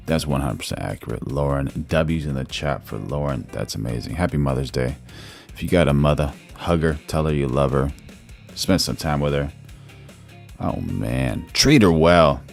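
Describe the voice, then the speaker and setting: A man's voice: rumbling low, animated, moderate pace, gravelly, faint music behind. A man hosting a live stream in a laid-back chat, reading the chat aloud and calling people bro. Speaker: livestream host.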